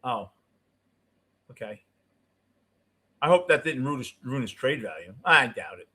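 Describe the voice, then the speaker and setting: A middle-aged man with a New York accent ranting as a postgame show host, cursing and swinging between yelling and muttering. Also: medium pitch, sing-song, measured pace. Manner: profane, swings from shouting to muttering. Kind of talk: ranting fan commentary.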